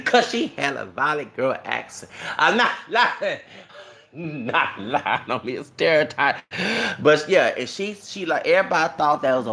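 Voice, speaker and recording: A man's voice: medium pitch, vocal fry. A man, rambling through a casual monologue with frequent asides and laughter. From Texas. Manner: rambling, animated, laughs often, many asides. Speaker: YouTuber.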